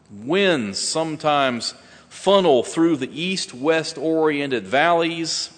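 A man preaching a sermon slowly and deliberately, with dramatic pauses and rising emphasis. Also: mid-range voice, a bit bright, in a large hall.

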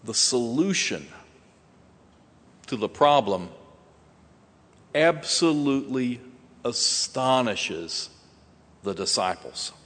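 A man preaching a sermon slowly and deliberately, with dramatic pauses and rising emphasis. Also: mid-range voice, expressive, a bit bright, big-room sound.

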